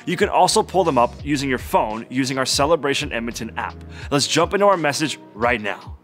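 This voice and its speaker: A man hosting an online church service, giving smooth, welcoming announcements. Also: mid-range voice, expressive, brisk, fairly bright tone, soft background music.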